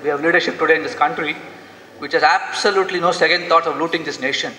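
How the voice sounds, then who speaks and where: A man's voice: a little high, fairly even intonation, quick pace, sharp tone. A man giving an earnest, impassioned lecture in an echoey lecture hall. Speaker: guest lecturer. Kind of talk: inspirational lecture.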